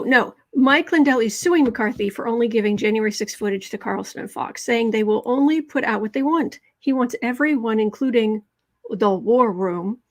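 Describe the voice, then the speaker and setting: A woman hosting a live political tarot reading, chatting with her viewers and reading their comments aloud, with many fillers, restarts and emphatic repetitions. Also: fairly high pitch. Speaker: tarot livestream host.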